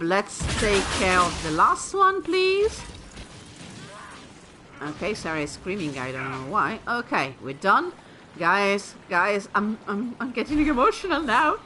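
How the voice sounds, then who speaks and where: A woman casually commentating her game stream, chatty and excitable, sounding tired. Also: mid-range voice, noisy background. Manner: chatty, excitable, swears and laughs. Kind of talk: casual let's-play commentary.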